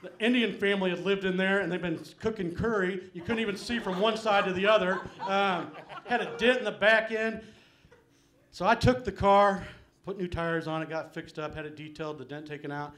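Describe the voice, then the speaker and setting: A man's voice: sits high, fairly even intonation, brisk, fairly bright tone. A middle-aged man doing a live stand-up set in a small venue, rambling and self-deprecating, dropping "man" and "um" everywhere. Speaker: stand-up comedian.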